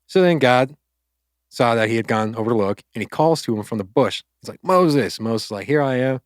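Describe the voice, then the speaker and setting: A man co-hosting a faith podcast, casually retelling a Bible story in loose, chatty speech, with quick asides and quoted lines. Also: mid-range voice, lively intonation, no room sound, studio quality. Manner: loose, conversational, acts out quotes with filler words. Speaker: podcast co-host.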